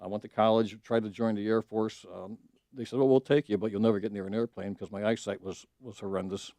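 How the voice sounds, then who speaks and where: Middle-aged man, warm low voice, dry studio mic, earnest storytelling, many fillers. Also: fairly even intonation, fast, no echo. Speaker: judicial candidate, radio guest. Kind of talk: casual radio interview. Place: radio studio.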